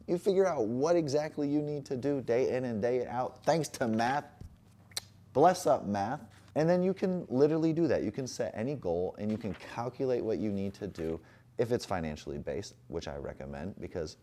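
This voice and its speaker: A man's voice: lowish voice, sing-song, fairly quick, mellow. Playful, slangy young man on a couch. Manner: playful slangy delivery, puts on voices for his dog. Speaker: fitness vlogger. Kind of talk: casual motivational talk to camera. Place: home, sitting on a couch.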